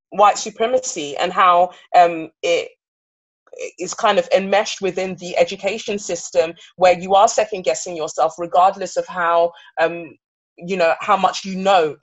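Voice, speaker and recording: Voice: medium pitch, fairly even intonation, moderate pace. Earnest guest in their thirties, slightly dull. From England. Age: 30s. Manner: earnest, searching, with frequent restarts. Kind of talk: reflective interview talk.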